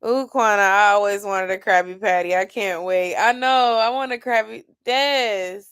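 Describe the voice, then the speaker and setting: A woman's voice: mid-range voice, moderate pace, fairly bright tone, smooth. Sleepy chatty woman in her thirties. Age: 30s. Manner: sleepy, chatty, yawning and laughing. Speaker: livestream host. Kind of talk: casual late-night live chat.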